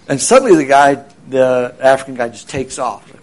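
A man's voice: medium pitch, a little fast. A man casually telling a long anecdote, with many fillers and restarts, briefly acting out the people in it. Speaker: storyteller. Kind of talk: casual spoken storytelling.

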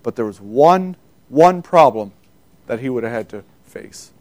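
A man preaching a sermon, emphatic, rising in force when he quotes scripture and pausing now and then to find his place. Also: mid-range voice, lively intonation, darkish tone. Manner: pauses and self-corrects, loses place in notes.

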